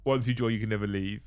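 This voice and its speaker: A man hosting a hobby livestream, chatting casually with rambling, sweary banter. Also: mid-range voice. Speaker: livestream host.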